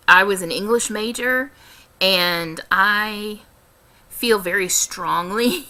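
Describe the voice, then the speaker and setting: A young woman with a light Midwestern American accent talks through a casual question-and-answer vlog, taking her time and choosing her words with care. Her voice sits a little low yet sounds bright and forward, and she pauses and restarts often as she thinks aloud. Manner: careful, deliberate diction with frequent ums and restarts. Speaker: vlogger.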